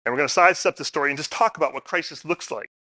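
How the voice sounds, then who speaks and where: A man's voice: on the high side, racing, pushed and bright, no room sound. A middle-aged man speaking at a community forum, telling stories in a casual way and asking the audience questions. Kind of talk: public talk. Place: meeting room.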